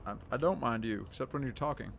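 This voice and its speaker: A man's voice: mid-range voice, fast talker, gravelly, fairly bright tone, slight background noise. A man streaming a video game live, making playful, sarcastic commentary and talking back to the characters.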